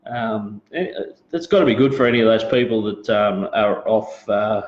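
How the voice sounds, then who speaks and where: A man's voice: on the low side, normal speed. A man with an Australian accent hosting a casual live show, rambling in a laid-back way and greeting viewers as he talks. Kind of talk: casual live-stream chat. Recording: roomy, dull lo-fi live stream audio.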